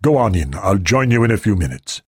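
A man voicing a courteous male government aide who speaks formally, in a raised, husky voice. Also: on the low side, sing-song, brisk, no echo, clean studio sound. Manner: polite, formal hospitality.

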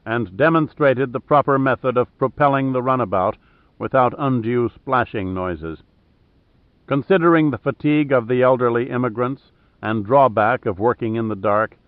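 A man reading an adventure novel aloud as scripted narration, in a steady, even storytelling manner. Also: medium pitch, no room sound. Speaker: audiobook narrator. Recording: dry, tinny phone-like sound.

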